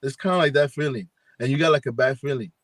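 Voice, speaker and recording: A paranormal investigator with a mid-range voice tells a ghost story at a quick pace during a casual live video chat. He rambles, acts out what people said, and fills his speech with fillers. There's no room sound.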